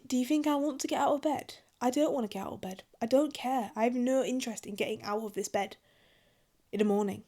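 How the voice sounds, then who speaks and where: A woman's voice: a little high, darkish tone. A woman, chatting casually and animatedly to camera, rambling with lots of asides. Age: 20s. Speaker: vlogger.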